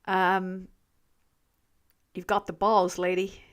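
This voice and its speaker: A woman's voice: fairly low pitch, little pitch movement, slow pace. A woman hosting a casual live stream, reading out viewer comments in a rambling, self-mocking way, swearing freely and trailing off mid-sentence. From England. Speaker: channel host.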